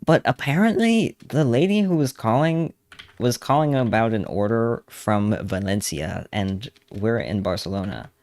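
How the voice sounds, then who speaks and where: A man's voice: mid-range voice, lively intonation, a little slow, darkish tone, no echo. A man retelling a story, imitating an odd, blunt restaurant worker on a phone call. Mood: exasperated. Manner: exasperated, then mock-soothing.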